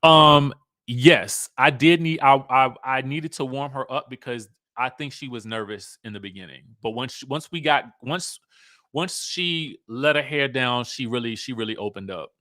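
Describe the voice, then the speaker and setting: Young man, casual stream host, sassy and animated, bright tone, dry close mic. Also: medium pitch, normal speed, no echo. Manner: sassy, animated, playful drawl, repeats himself. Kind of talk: casual live-stream commentary.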